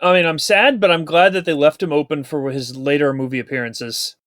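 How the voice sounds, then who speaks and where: A man's voice: a little high, fairly even intonation, brisk, a bit bright, no room sound, studio quality. A man co-hosting a podcast, making earnest, nerdy fan remarks about a movie in casual chat. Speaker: podcast co-host.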